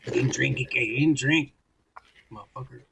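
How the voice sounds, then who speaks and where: A man's voice: mid-range voice, normal speed, vocal fry, background noise. A man co-hosting a casual drinking podcast, profane and rowdy, reading out viewer comments.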